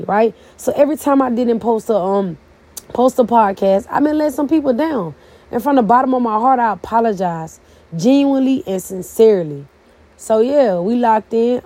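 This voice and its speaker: A woman's voice: medium pitch, dark tone. Fervent woman preaching on her podcast. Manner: preachy, fervent and casual, with plain church phrasing. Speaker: podcast host. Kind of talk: faith-based podcast talk.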